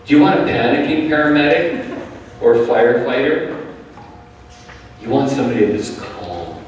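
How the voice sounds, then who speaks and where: A man preaching a sermon in a calm, measured way, often dropping his voice softly. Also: mid-range voice, a little hiss or hum. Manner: calm, measured preaching with soft drops in volume. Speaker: pastor. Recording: echoey hall, speaker far from the mic.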